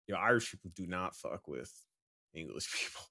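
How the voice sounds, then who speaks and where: A man co-hosting a podcast in relaxed casual chat, swearing and trailing off. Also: low-pitched, normal speed, dry recording, studio quality. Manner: laid-back, profane, trails off. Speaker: podcast co-host.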